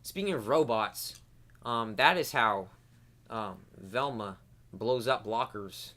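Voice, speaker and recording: A man co-hosting a casual movie review chat, giggly and animated, on a close mic. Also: medium pitch, slow pace. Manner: giggly, animated, interrupts often. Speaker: podcast co-host.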